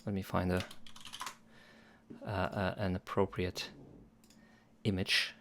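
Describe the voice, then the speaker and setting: A man's voice: sits low, monotone, unhurried, a little hiss or hum. A man hosting a music production livestream, chatting playfully with viewers in a rambling way. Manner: playful, rambling, chuckles often. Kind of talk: casual livestream chat with viewers.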